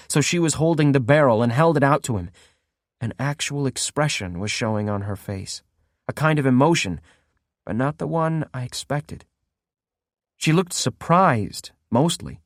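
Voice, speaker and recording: A man narrating a horror audiobook in steady first-person storytelling. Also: medium pitch, no echo, studio quality.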